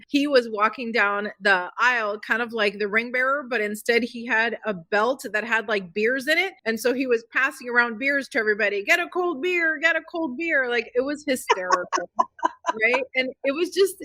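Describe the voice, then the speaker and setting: A woman's voice: a little high, sharp tone, no room sound. A middle-aged woman, a podcast guest, telling personal stories in an emotional, rambling way full of fillers. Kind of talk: casual interview chat.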